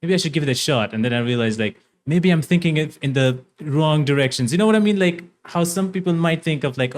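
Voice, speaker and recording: A man's voice: medium pitch, quick pace, hardly any pauses. A man hosting a podcast, talking in an easygoing, hesitant way with many fillers and restarts. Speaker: podcast host. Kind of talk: casual podcast interview.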